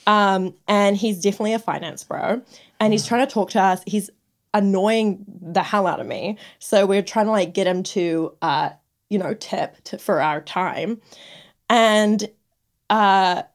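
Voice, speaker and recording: A woman's voice: medium pitch, a little slow. A young adult woman co-hosting a podcast, telling stories in casual chat, blunt and cheeky, swearing easily and acting out what people said. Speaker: podcast co-host.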